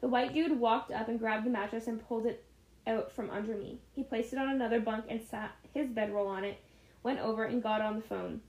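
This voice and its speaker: A woman's voice: a little high, steady tone, fairly quick, a little mellow. A woman co-hosting a podcast, reading a story aloud casually, giggling and stumbling over words. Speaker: podcast co-host reading stories. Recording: echoey room.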